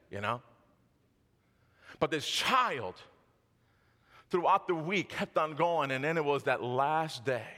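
A male pastor tells a testimony from the pulpit, fervent and full of repetitions and little laughs. His voice is high and bright, and it carries a long hall reverb. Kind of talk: sermon testimony.

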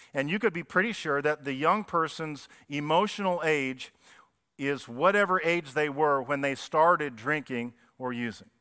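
A man's voice: on the high side, pushed and bright, smooth. A man preaching a sermon as pastor, talking conversationally and asking the congregation questions. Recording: long reverb of a church hall.

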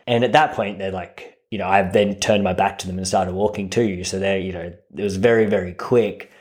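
A man who is a guest on a podcast, chatting in a relaxed, halting way with many restarts. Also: deep voice. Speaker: podcast guest, host's fiancé. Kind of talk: casual chat.

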